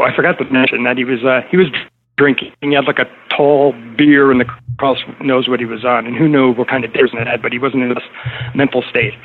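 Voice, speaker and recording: A middle-aged man telling a story in casual conversation, rambling with many fillers and restarts. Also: medium pitch. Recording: tinny phone-like line with faint noise.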